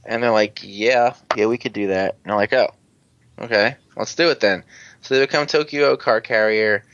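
A man's voice: on the low side, moderate pace, a bit bright, lo-fi sound. A man chatting casually on a podcast, recapping a TV episode in a rambling way, acting out characters' lines and swearing freely. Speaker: podcast co-host.

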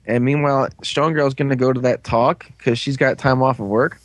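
Casual male podcast co-host, mid pitch, rambling recap, dry close mic. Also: fairly even intonation, dry recording. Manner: rambling, laughs often, slips into quick quoted voices. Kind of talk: casual chat.

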